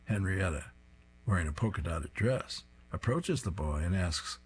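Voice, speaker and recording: A man's voice: low-pitched, normal speed, breathy edge. A man reading comic strips aloud, describing each panel in an amused way.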